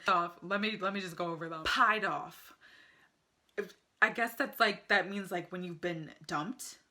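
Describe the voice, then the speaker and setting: A woman's voice: mid-range voice, bright, forceful tone. A young American woman vlogging casually at home, chatty and enthusiastic, often laughing as she talks to the camera. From United States. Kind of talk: casual vlog review.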